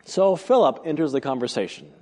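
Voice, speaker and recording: A man preaching an expository sermon, emphatic, asking rhetorical questions and swinging between loud and soft delivery. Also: fairly high pitch, sing-song, brisk, big-room sound. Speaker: pastor.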